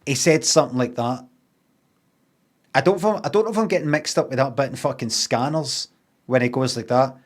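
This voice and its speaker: A man's voice: medium pitch, normal speed. A Glaswegian man casually telling a rambling, sweary story, acting out what people said in changed voices. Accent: Glaswegian Scottish. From Scotland.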